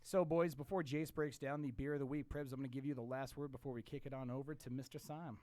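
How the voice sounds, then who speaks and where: A man co-hosting a casual podcast, loud, joking and profane as he opens the show. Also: mid-range voice, fairly even intonation, fast, dry recording. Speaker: podcast co-host. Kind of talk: casual chat.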